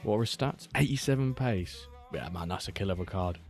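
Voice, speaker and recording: A man hosts a live watchalong in a relaxed, rambling way, chatting to viewers and reading their messages aloud. His voice sits on the low side. Quiet guitar music plays in the background. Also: brisk. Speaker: streamer hosting a watchalong. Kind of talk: casual live-stream chat. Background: faint background music.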